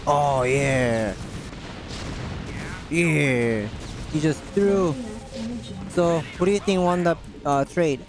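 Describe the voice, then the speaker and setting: A man with a Korean accent coaching a player live, giving brisk, directive instructions and chuckling between them. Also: fairly high pitch, over music.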